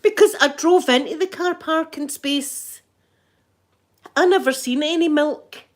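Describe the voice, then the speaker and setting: A middle-aged Scottish woman and grandmother chatting in a casual ASMR vlog, animated and laughing often. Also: high-pitched, measured pace. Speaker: vlogger and grandmother.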